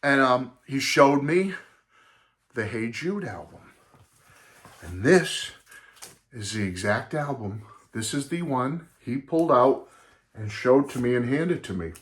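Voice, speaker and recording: A man in his sixties hosting a vlog, telling a nostalgic personal story in a chatty, animated way, talking straight to his viewers. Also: medium pitch, takes it slowly, pauses often. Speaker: vlog host and record collector.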